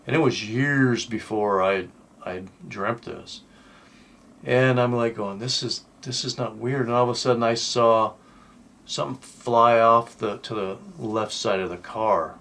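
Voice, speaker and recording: An older man who hosts a channel of personal stories tells one in a casual, rambling, folksy way, full of fillers and restarts. His mid-range voice is a bit bright and a little slow.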